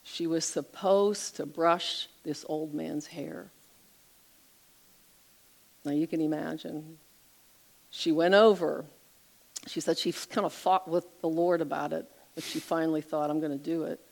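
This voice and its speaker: A middle-aged woman retelling an inspirational story on a Christian talk show, expressive and lively as she narrates. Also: deep voice, slow, vocal fry, pauses often, low-quality recording.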